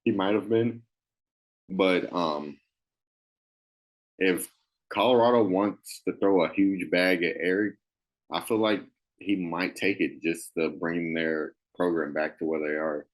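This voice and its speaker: Deep-voiced man chatting football. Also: fairly even intonation, unhurried, pauses often, low-quality recording. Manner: loose, rambling, many fillers. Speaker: podcast co-host. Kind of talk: casual sports chat.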